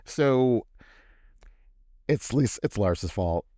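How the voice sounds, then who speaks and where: A man's voice: mid-range voice, drawn-out words, no echo, studio quality. A young man co-hosting a podcast, chatting casually about reality TV and acting out what people said. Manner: animated, acts out quoted voices. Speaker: podcast co-host. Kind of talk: casual chat recapping reality TV.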